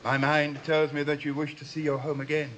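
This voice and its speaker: A man's voice: a little high, completely flat delivery, close to an everyday voice. A man playing a solemn, earnest alien elder. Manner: measured, earnest, formal. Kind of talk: 1960s TV drama acting. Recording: muffled, hissy old TV recording.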